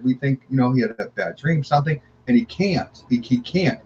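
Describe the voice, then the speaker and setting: A middle-aged man recounting his family's paranormal experiences as a guest, halting and repeating words as he tells it. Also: mid-range voice, highs cut off, slight background noise.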